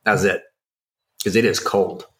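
Low-voiced man telling a story. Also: moderate pace. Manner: excitable, rambling, full of fillers. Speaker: podcast co-host. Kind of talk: casual storytelling chat.

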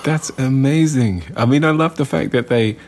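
A man's voice: mid-range voice, normal speed, darkish tone. A man co-hosting a podcast, chatting casually with an eager, musing manner. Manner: enthusiastic and musing. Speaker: podcast co-host. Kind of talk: casual chat.

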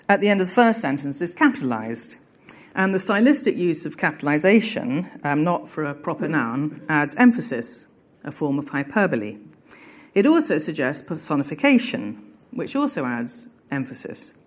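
A woman's voice: deep voice, big pitch swings, normal speed. A woman reading a classic novel passage aloud with emphasis and then analysing its rhetoric as a teacher. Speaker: literature teacher.

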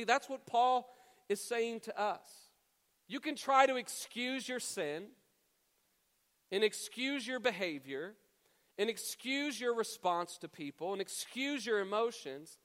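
A man's voice: sits high, expressive, unhurried, a bit bright. A man pastor preaching a sermon, stretching and stressing key words with emphatic delivery. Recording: long reverb of a church hall.

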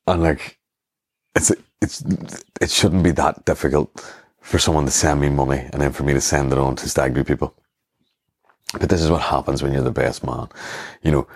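A man with an extremely low-pitched voice hosts a podcast, delivering a rambling, comic monologue of self-mocking stories. He acts out the voices of the other people in them when quoting them, and the studio-quality recording has no room sound.

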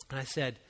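Bright-voiced pastor in a reverberant hall. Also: male voice. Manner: conversational, chuckling, frequent "you know". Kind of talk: sermon with personal story.

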